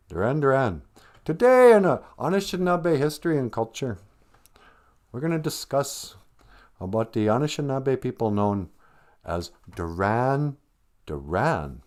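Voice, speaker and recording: A man's voice: mid-range voice, sing-song, a little slow, a little mellow. A middle-aged man hosting a comedy live stream, rambling through jokes and language lessons with playful asides.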